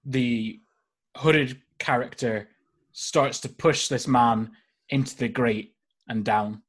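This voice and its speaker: Laid-back male dungeon master, husky voice. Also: mid-range voice, fairly even intonation, takes it slowly. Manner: casual, hesitant narration with many fillers. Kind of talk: narrating a tabletop game. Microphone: video call.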